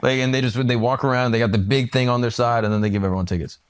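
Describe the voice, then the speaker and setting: A man's voice: mid-range voice, fairly even intonation, smooth. A man riffing comic banter as a podcast co-host. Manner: quick riffing jokes. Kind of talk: comedic banter.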